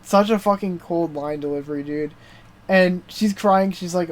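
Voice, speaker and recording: The podcast co-host, a young adult man, swears freely and peppers his speech with "like" and "dude" while excitedly going over a TV show in casual conversation. His voice sits high and his pace is moderate.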